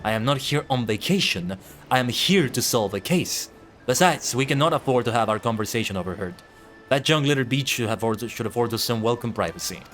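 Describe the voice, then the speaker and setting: A man voicing a pompous, self-assured gentleman inspector with old-fashioned, theatrical phrasing, reading game dialogue aloud. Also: mid-range voice, expressive, fairly quick, faint music behind, lightly acted.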